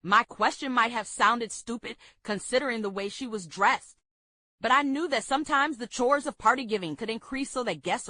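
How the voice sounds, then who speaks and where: A woman reading a memoir aloud for a book club, steady and measured. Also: on the high side, no echo.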